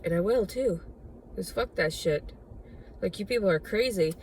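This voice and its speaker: A woman's voice: medium pitch, moderate pace, a little mellow, far from the mic, slight background noise. A woman venting in an angry, profane, bitter personal rant for her video diary. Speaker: vlogger.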